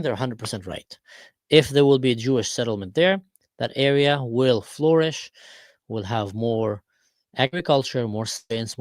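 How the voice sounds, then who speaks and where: A man giving an opinionated vlog commentary, talking in an animated, emphatic way with storytelling. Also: mid-range voice, no echo, clean studio sound.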